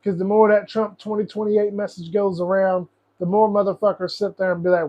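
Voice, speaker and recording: A man's voice: high voice, flat delivery, brisk, dark tone, muffled recording. A young man hosting a casual political livestream, ranting in a profane, frustrated, rambling way. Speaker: host.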